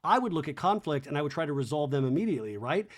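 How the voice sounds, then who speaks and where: Man voicing a calm, businesslike woman. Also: on the high side, very fast. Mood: earnest. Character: poised woman newcomer with a corporate mindset.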